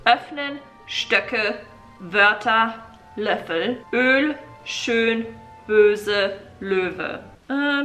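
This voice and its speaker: A woman's voice: medium pitch, bright, forceful tone. A woman casually vlogging about vowel sounds, joking, interrupting herself and sounding vowels out over and over. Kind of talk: casual language vlog.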